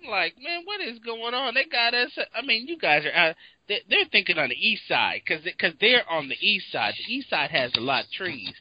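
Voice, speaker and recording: A man from Seattle chats casually with a high voice that leaps wildly up and down. He is profane and animated and acts out his own reactions. The recording is dull, lo-fi and dry. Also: brisk, dry recording. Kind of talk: casual chat.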